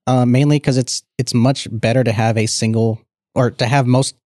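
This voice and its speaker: A man co-hosting a casual tech podcast, explaining things in a measured way. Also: medium pitch, steady tone, mellow, dry recording, clean studio sound. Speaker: podcast co-host.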